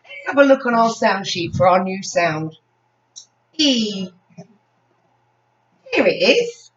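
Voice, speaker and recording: A woman's voice: medium pitch, big pitch swings, moderate pace, distant mic. A woman with an English accent teaching a phonics lesson to young children, praising often in a sing-song way. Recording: dull sound from off mic.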